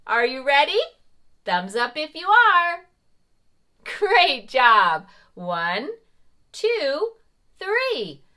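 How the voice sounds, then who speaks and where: A woman's voice: sits high, sing-song, very slow, long pauses, bright, forceful tone. A woman playing Mother Goose, hosting an interactive preschool story time in a sing-song manner. She talks straight to young children, with big gasps and exclamations.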